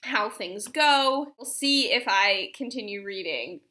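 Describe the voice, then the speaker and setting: A woman's voice: mid-range voice, lively intonation, takes it slowly, sharp tone. A young woman chatting casually about books she plans to read, rambling with fillers and restarts. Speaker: book vlogger. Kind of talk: casual chat.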